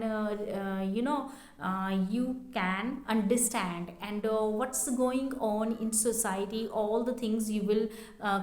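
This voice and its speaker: A woman teaches English in a casual, hesitant way, filling pauses often and repeating herself. Her voice sits a little high and moves slowly. The sound is roomy, with a clear echo. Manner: hesitant, many fillers and repeated phrases. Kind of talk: casual spoken lesson.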